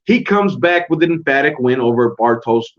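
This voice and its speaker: A man's voice: mid-range voice, animated, normal speed. Profane, rambling young man, lo-fi. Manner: profane, rambling, laid-back. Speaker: podcast host. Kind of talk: casual solo recap. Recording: dull lo-fi home recording.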